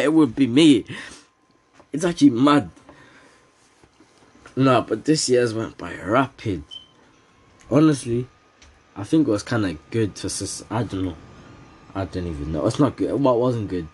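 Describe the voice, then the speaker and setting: There's slight background noise as a teenage male podcast host speaks in a lowish voice. His casual solo show is rambling and jokey, full of slang and frequent laughter.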